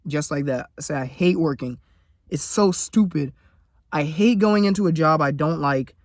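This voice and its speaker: A young man ranting to camera in a heated, swearing monologue, his voice jumping higher and louder when riled up. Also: dry recording, clean studio sound. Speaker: vlogger. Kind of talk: profane motivational rant.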